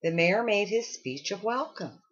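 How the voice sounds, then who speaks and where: A woman reading a children's storybook aloud with expressive storytelling. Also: medium pitch, a little slow, breathy edge, lo-fi sound. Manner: expressive storytelling with acted character lines. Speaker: storybook reader.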